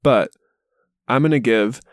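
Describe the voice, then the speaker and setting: A man's voice: medium pitch, a little slow, no room sound, studio quality. A man hosting a movie review podcast, chatting in an easygoing, casual way. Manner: easygoing, wraps up with plugs. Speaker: podcast host.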